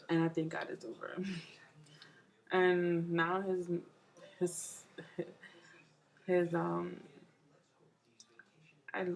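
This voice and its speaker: A woman's voice: lowish voice, creaky, low-quality recording. A young woman from New York, a mom vlogger, rambling casually to the camera with lots of fillers and restarts.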